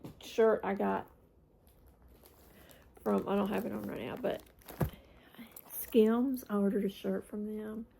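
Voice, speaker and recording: A woman talks her way through a day at home for her vlog, unhurried and chatty, drifting from one aside to the next. Her voice has a gravelly, fry-laced texture, and she slips into a high baby-talk voice when she speaks to her dogs. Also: little pitch movement, mellow, a little hiss or hum. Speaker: vlogger. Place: indoors at home.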